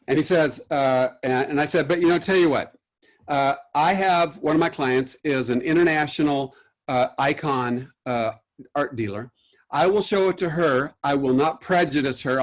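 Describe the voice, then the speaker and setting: Storytelling man giving an art-care lecture. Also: medium pitch. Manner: storytelling, acts out quotes, many fillers and restarts. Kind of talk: recorded lecture with anecdotes.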